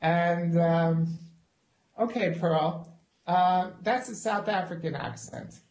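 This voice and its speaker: A man's voice: sits high, slow, darkish tone, echoey room, poor audio. A man hosting a talk show who speaks hesitantly and welcomes his guest with many fillers. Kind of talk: casual interview chat.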